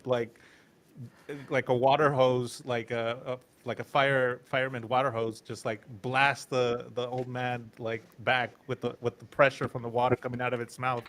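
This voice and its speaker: A man's voice: medium pitch, little pitch movement, moderate pace, a bit bright. Man telling a meandering story. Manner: meandering, many fillers and restarts. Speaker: show co-host. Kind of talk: casual livestream chat.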